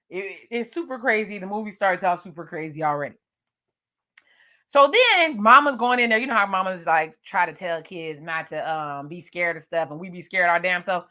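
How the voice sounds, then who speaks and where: A woman's voice: mid-range voice, animated, moderate pace, pushed and bright. A woman recapping a horror movie with jokes and slang, laughing often. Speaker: movie reviewer.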